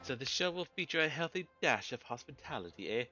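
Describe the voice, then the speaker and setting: A man's voice: mid-range voice, animated, quick pace, pushed and bright, voice pushed up. A man voicing a flamboyant, theatrical male fashion designer in a video game, with a grand, drawling delivery. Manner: grand, drawling, says darling. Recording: dull lo-fi with game music.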